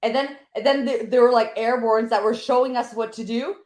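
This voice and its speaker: A woman's voice: on the high side, fairly even intonation, fairly quick, darkish tone. A woman co-hosting a veterans' podcast, chatting and explaining with many restarts. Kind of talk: casual conversation. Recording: roomy echo.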